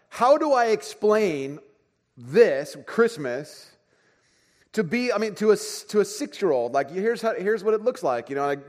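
A pastor in his thirties preaches in a large hall, and a long reverb trails each phrase. His voice sits fairly high for a man. He tells stories with energy, dropping to hushed asides and then rising into excited bursts. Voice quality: animated storyteller, swings from soft asides to excited bursts. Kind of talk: sermon.

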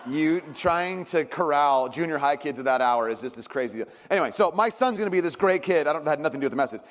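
A man preaching a sermon as a pastor, telling stories with animated swings in pitch and loudness. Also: fast talker. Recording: long reverb of a large hall.

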